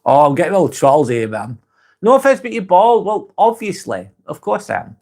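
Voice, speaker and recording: A man's voice: on the high side, big pitch swings, normal speed, a little mellow. A man with a British accent hosting a casual live stream, reading out viewer comments and answering them bluntly, swearing freely and often laughing.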